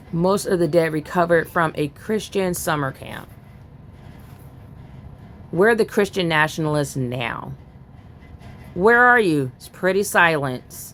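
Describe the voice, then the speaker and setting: Woman, lowish voice, furious profane rant, political vlog commentary. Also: animated, slow pace, long pauses, a bit bright, a little hiss or hum. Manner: furious, profane, reads news aloud then rants. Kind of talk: angry ranting commentary.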